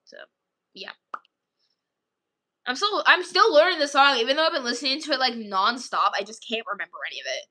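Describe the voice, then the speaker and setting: A woman's voice: sits high, animated, brisk, long pauses, pushed and bright. A woman chatting casually with her viewers, rambling through stories with lots of fillers and frequent giggles. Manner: rambling, filler-heavy storytelling. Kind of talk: casual chat.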